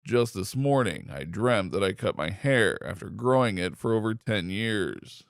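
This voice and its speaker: A man reading online posts aloud in steady, scripted narration. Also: on the low side, a little slow, vocal fry, dry recording, studio quality. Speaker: story reader.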